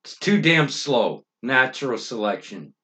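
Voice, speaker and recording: A man's voice: mid-range voice, expressive, measured pace, a bit bright. A middle-aged Canadian man hosting a podcast, ranting angrily with constant swearing and emphatic outbursts. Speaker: podcast host. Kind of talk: profane ranting monologue.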